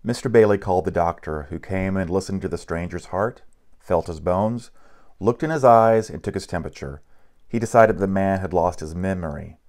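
A man with a low voice reads a picture book aloud. His pace is steady and unhurried, with a few slips and restarts along the way. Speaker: narrator.

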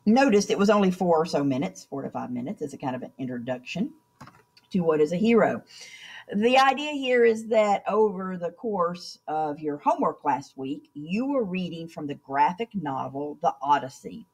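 A woman's voice: lowish voice, lively intonation, normal speed, a little mellow, husky. A woman teacher talking students through the week's online assignments in a chatty way, often checking in with "okay?". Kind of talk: screen-recorded class instructions.

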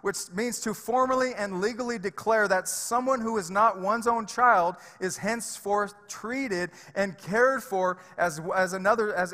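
A man's voice: high-pitched, sharp tone. A male pastor preaching a sermon in a church, emphatic and conversational, with fillers and repeated words. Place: church sanctuary. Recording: reverberant church hall.

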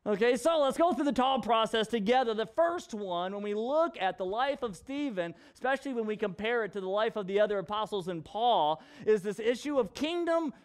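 A man with a very high voice preaches in a casual, conversational way. He is animated and joking as he drives his points home. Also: brisk, hardly any pauses, clear, resonant tone. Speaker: pastor. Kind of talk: sermon in a casual vlog.

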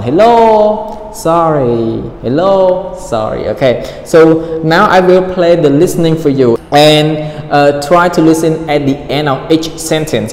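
A man teaching an English lesson, repeating vocabulary slowly and acting out rising and falling intonation. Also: medium pitch, a little mellow. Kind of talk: online classroom explanation. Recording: echoey reverberant room with faint noise.

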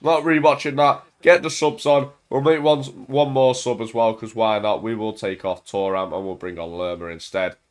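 A young man casually commentating on his own football video game at home into a desk mic, full of banter and bursting into shouts when his team scores. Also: fairly low pitch, normal speed, hardly any pauses. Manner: excitable, banter-filled, shouts at goals. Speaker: gaming YouTuber.

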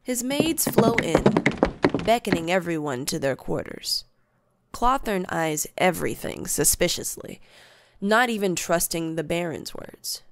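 Slow, gravelly woman narrating a tabletop game. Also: on the low side, slight background noise. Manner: slow, expressive telling with character voices.

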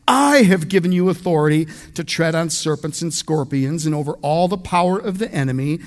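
A man from the United States preaching an expository sermon as pastor, emphatic and conversational, speaking straight to his congregation. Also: a little high.

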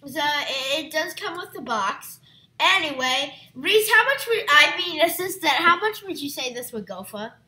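A woman hosting a casual stream about retro toys, giggly and animated, who keeps slipping into silly voices. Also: sits high, moderate pace, reverberant. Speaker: host reviewing retro toys. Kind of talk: casual livestream chat.

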